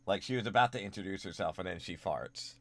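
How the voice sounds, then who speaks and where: Young guy on a home stream, bright voice, kinda low, mumbly then suddenly loud. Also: quick pace, dry recording. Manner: animated, jumps from mumbling to loud excited greetings. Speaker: streamer drawing a comic. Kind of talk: casual chat with chat viewers.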